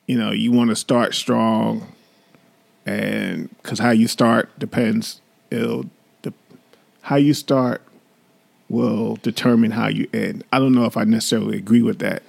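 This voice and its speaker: A man's voice: medium pitch, steady tone, unhurried, vocal fry. A man co-hosting a casual podcast with his wife, playful and teasing, laughing often. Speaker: podcast co-host. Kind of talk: casual chat.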